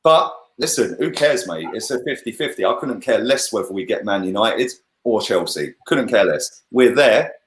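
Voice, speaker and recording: A man giving a casual, animated football review on a livestream, full of "yeah?" and "bruv". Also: fairly low pitch, moderate pace, few pauses, echoey room, slight background noise. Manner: animated, lots of "yeah?" and "bruv", laughs often. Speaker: football channel host.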